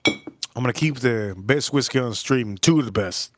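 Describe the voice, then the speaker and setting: A man's voice: medium pitch, normal speed, fairly bright tone, no echo. A man hosting a livestream, telling a rambling, crude story in a casual way and repeating himself as he goes. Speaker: livestream host.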